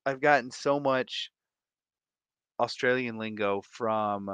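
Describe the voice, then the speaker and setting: A man hosting a casual livestream from home, reading viewer comments with animated, playful, jokey asides. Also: mid-range voice, slow, clean tone, no echo. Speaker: livestream host.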